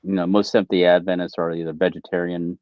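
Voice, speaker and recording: Brief: laid-back guest DJ, man, low voice, easygoing rambling chat, slightly dull mic. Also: fast, no room sound. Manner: relaxed, rambling, lots of "you know". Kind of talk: casual podcast chat.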